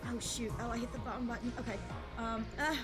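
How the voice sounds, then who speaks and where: A woman's voice: a little high, fairly even intonation, fast talker, over loud music. A woman streamer chatting casually on a live game stream, gushing and emotional and often repeating herself.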